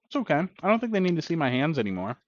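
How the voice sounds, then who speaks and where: A man's voice: fairly high pitch, very animated, very fast, slight background noise. A man hosting a casual cooking live stream, chatting bluntly and profanely while he eats, heard on dull lo-fi stream audio.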